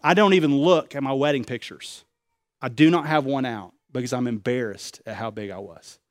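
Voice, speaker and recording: A man preaching a sermon, confessional and personal, acting out conversations, swinging between loud excited bursts and quiet low remarks. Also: moderate pace. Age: adult, married with young children. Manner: acts out dialogue in quoted voices. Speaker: pastor.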